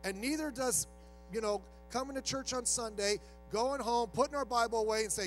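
High-voiced man preaching a sermon. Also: moderate pace, soft background music, low-quality recording. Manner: conversational preaching, acts out quoted voices. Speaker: pastor.

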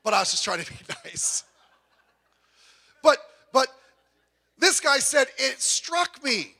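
A man preaching a sermon as pastor, animated, stumbling over restarts and acting out quotes, swinging between loud bursts and soft low asides. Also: slow.

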